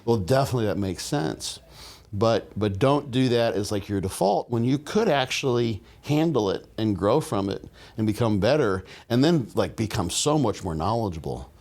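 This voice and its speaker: A man with a slightly low voice talks in a loose conversational way on a podcast, stopping often to restart his sentences. He laughs now and then as he goes, keeping the talk relaxed. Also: normal speed. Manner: rambling, many restarts and fillers, laughs while talking. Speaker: podcast guest, bodybuilding coach.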